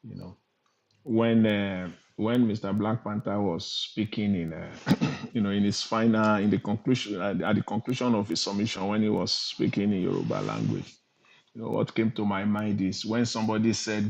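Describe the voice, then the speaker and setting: Gravelly Nigerian man on muffled call audio. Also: on the low side, darkish tone. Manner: halting, many fillers, sarcastic. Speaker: panel guest. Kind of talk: political commentary on a live stream. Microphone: video call. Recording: dull lo-fi video call audio.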